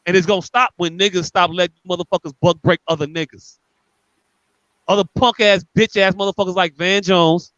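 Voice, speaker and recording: A man's voice: high-pitched, fairly even intonation, fairly quick, fairly bright tone, no room sound, highs cut off. A man co-hosting a podcast, ranting angrily and profanely with lots of repetition. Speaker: podcast co-host. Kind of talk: heated podcast rant.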